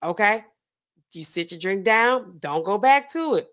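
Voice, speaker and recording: A woman hosting a live show, commenting on celebrity gossip in an animated, laughing, slangy way. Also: mid-range voice, measured pace. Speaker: pharmacist host.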